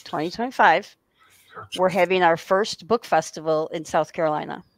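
A woman's voice: on the low side, moderate pace, dry recording. A woman hosting an author interview, chatting casually with short, encouraging replies. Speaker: interviewer host.

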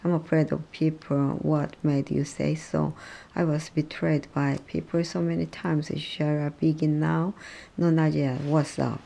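A speaker reading English practice dialogues aloud, halting and restarting often. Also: medium pitch, flat delivery, creaky, mellow.

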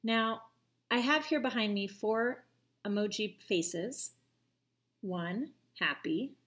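A woman teacher giving a video lesson to children, speaking gently and patiently and asking them questions directly. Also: fairly high pitch, slow pace.

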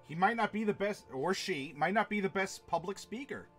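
Chatty game master with a higher voice. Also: male voice, lively intonation, a little fast, hardly any pauses, fairly bright tone, faint music behind. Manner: chatty, laughs often, many fillers and restarts. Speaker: game master and streamer teaching villain creation. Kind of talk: casual instructional talk to a live chat.

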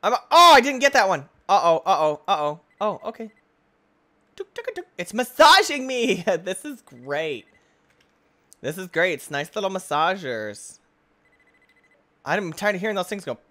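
Excitable, goofy man yelling over a game. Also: high-pitched, moderate pace. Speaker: gaming YouTuber. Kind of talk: let's-play game commentary.

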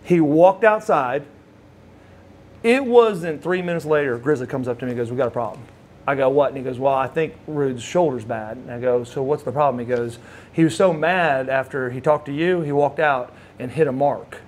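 With a mid-range voice at a moderate pace, a man in his forties who used to wrestle tells stories in a casual shoot interview. He acts out quoted voices as an animated storyteller, and slight background noise is audible.

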